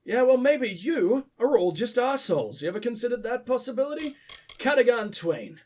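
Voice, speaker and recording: A man's voice: extremely high pitch, sing-song, moderate pace, a little mellow. A young man with sniffles, commentating his gameplay in a profane, rambling, joking way. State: sick with sniffles. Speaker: let's play host.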